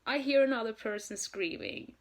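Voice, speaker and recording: A young woman from Norway telling a story in a casual vlog, gushing and excited, with lots of "um" and "like". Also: fairly high pitch, moderate pace. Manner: excited, gushing, many fillers. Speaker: vlogger, fan.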